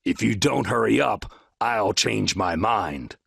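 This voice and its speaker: A man's voice: lowish voice, slow, vocal fry, fairly bright tone, husky, no room sound, clean studio sound, voice pushed down, exaggerated voice. A man voicing a proud, regal, boastful male lion in a recorded storybook reading. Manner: roaring, boastful.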